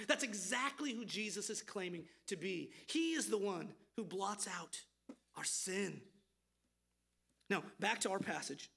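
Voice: medium pitch, vocal fry, fairly bright tone. A preacher teaching through scripture in an emphatic, conversational sermon, often repeating words mid-thought. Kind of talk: expository sermon.

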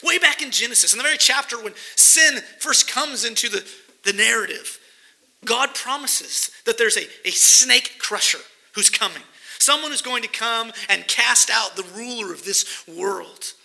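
A male pastor delivering an expository sermon, his voice pitched very high for a man and strikingly bright and sharp. He reads scripture verses aloud and then unpacks them with earnest emphasis. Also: lively intonation, moderate pace, creaky, poor audio.

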